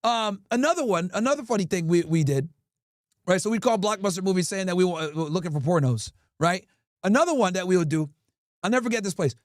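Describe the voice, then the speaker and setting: A man in his thirties from Connecticut tells stories to his stream chat, his voice sitting high and bouncing all over the place. He talks crude and animated, and the sound is close and dry with no room around it. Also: fast talker, dry recording. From Connecticut, USA. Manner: animated, crude, laughing storyteller. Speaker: livestreamer. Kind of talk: casual storytelling to chat.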